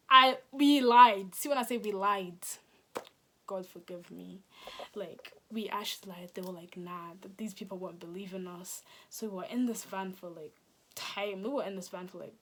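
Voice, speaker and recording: A woman's voice: mid-range voice, moderate pace, a bit bright, a little hiss or hum. A young adult woman, a vlogger, telling a dramatic storytime in casual slang with some swearing. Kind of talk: storytime vlog.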